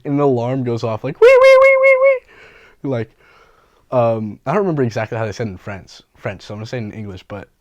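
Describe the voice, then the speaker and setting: A man's voice: medium pitch, quick pace, no room sound, dull audio. A young man from the Bay Area, a graffiti artist and painter, telling stories in a casual interview with lots of slang, swearing and laughter. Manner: animated, profane, laughs often, slangy.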